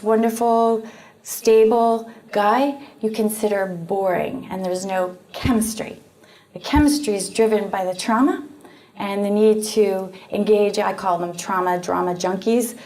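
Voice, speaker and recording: A woman with a Canadian accent, earnestly explaining and telling a story in a casual, conversational way, with frequent pauses and fillers. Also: mid-range voice, a little mellow. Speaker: guest speaker on post-abortion trauma.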